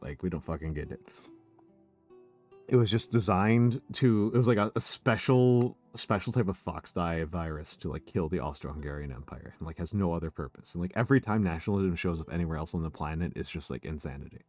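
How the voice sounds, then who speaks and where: A man's voice: deep voice, a little fast, darkish tone, soft background music. An American man hosting a casual, tipsy stream chat, rambling and swearing, with laughs between his thoughts. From United States. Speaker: streamer host.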